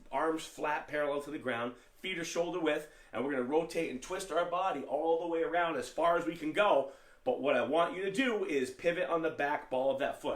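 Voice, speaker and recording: A man teaching an online martial arts class, giving upbeat step-by-step commands for stances and warm-ups. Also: on the high side, reverberant. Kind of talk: online fitness class instruction.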